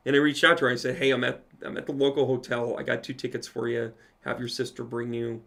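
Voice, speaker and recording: A man with a gravelly edge to his mid-pitched voice tells a long personal story during a live question-and-answer session. He is a medium, animated and casual, and he drops the odd swear word. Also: fast. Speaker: psychic medium.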